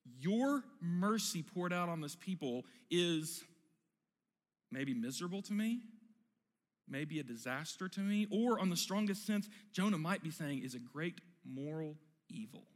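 A male pastor preaching a sermon with animated, emphatic storytelling. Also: a little high, measured pace, long reverb tail.

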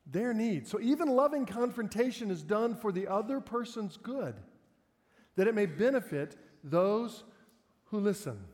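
A middle-aged male pastor with a notably high voice, preaching in a relaxed, conversational way and poking fun at himself as he tells stories. His words ring out with a long reverb, as in a large church hall. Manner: conversational, self-deprecating storyteller, breaks into laughter. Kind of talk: sermon with personal storytelling.

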